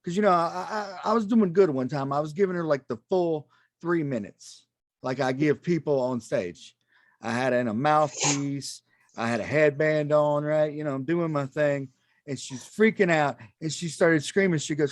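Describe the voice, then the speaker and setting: A man doing a stand-up comedy set on a club stage, self-deprecating and halting, with many ums and restarts. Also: a little high, dry recording, clean studio sound.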